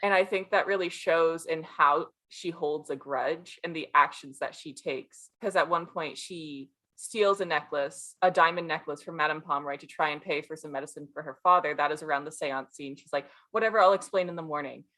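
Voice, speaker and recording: A woman's voice: low-pitched, steady tone, moderate pace, hardly any pauses, bright, forceful tone. A young woman co-hosting a casual book podcast, analytical and wry, acting out characters' lines as she goes. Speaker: podcast co-host.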